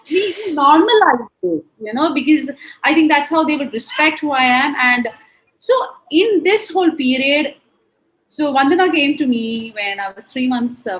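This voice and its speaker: A woman's voice: sits high, a little hiss or hum, low-quality recording. A woman in her forties with an Indian English accent, speaking earnestly and emotionally as an interview guest, often saying "you know". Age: 40s. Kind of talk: heartfelt conversational interview.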